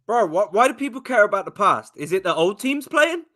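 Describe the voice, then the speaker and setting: A man's voice: high-pitched, big pitch swings, fairly quick, sharp tone. A man with a Boston accent, a guest on a sports show, talking in a brash, heated, profane way. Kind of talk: casual sports chat.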